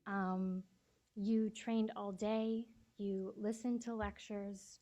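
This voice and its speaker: A woman's voice: on the high side, fairly even intonation, slow. A woman supervising a guide dog class, giving a graduation speech full of thank-yous and getting a little teary. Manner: warm, emotional thank-yous, slightly teary. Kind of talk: ceremony speech. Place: event room.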